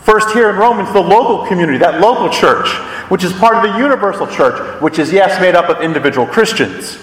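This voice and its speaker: A man with a high voice preaches a sermon, explaining scripture and posing rhetorical questions to his congregation. He sounds set back from the mic, and the words echo around a large church hall. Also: expressive, brisk, a bit bright. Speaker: pastor. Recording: echoey hall, voice from a distance.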